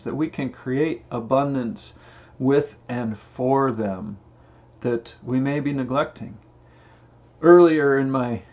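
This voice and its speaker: A middle-aged man giving a casual inspirational talk as a Christian family coach, telling stories and acting out the voices in them. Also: mid-range voice. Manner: storytelling, acts out quoted voices. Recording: slightly dull lo-fi recording.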